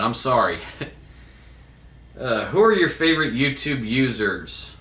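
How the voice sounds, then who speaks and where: Bright-voiced man in casual Q&A. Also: mid-range voice, lively intonation, a little slow, pauses often, roomy sound. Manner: hesitant, many fillers and restarts. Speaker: vlogger answering viewer questions. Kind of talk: casual Q&A monologue.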